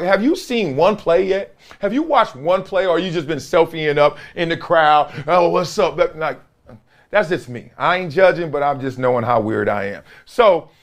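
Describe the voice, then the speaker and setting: A man hosting a sports podcast, telling stories and preaching in a loose, slangy monologue. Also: a little high. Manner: animated, preachy storytelling with slang and laughs. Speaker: podcast host. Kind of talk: casual commentary monologue.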